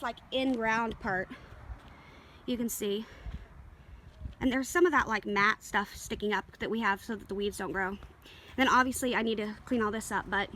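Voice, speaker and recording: A woman's voice: on the high side, a bit bright, a little hiss or hum. A woman walking through her home garden outdoors, talking in a rambling, easygoing way with lots of fillers and small apologies while filming it herself. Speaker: garden vlogger. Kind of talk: casual garden tour. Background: faint outdoor ambience, passing planes.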